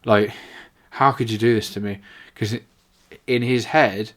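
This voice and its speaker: A man's voice: fairly low pitch, fairly even intonation, measured pace. A young man casually telling a rambling, sweary story, full of "like" fillers. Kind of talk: casual anecdote.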